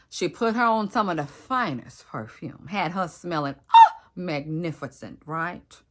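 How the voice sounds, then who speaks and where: A woman's voice: lowish voice, lively intonation, measured pace, hardly any pauses. A woman casually retelling a Bible story in a chatty, slangy way.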